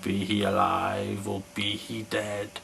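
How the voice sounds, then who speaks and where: A man voicing a huge, hungry, man-eating male giant who roars his words slowly and gruffly. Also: monotone, fairly bright tone, a little hiss or hum, full character voice. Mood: menacing. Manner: slow booming roar.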